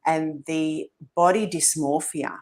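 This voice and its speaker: Woman podcast host, lowish voice, earnest and rambling. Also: fairly even intonation, slow pace, darkish tone. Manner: earnest, rambling questions full of restarts. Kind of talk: conversational podcast interview.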